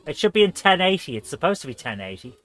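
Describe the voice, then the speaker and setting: Rambling, self-mocking streamer, male, fairly high, bright tone. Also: sing-song, quick pace, soft background music. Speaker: retro gaming streamer. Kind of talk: live-stream chat while gaming.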